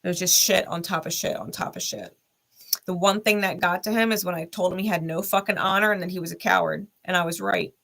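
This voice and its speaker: A woman's voice: on the low side, steady tone, a little fast, gravelly, a bit bright. A woman speaking bluntly in a candid vlog monologue, swearing often and repeating short heated lines straight to the listener. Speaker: tarot reader and channel host.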